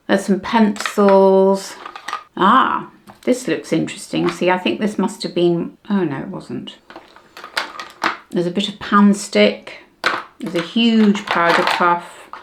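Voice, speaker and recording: Older lady in her 70s vlogging, lowish gravelly voice, chatty and reminiscing. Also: a little hiss or hum. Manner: chatty, reminiscing while sorting keepsakes. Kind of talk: casual vlog.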